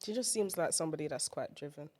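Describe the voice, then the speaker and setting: A woman's voice: deep voice, lively intonation, quick pace, darkish tone. A young woman guesting on a comedy podcast, candid and rambling with a dry sense of humor. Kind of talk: casual comedy podcast chat.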